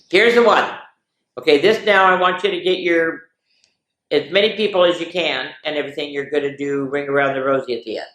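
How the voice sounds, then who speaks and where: A woman hosting a children's story time, reading picture books and jokes aloud in an animated, sing-song storyteller voice. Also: low-pitched. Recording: roomy echo.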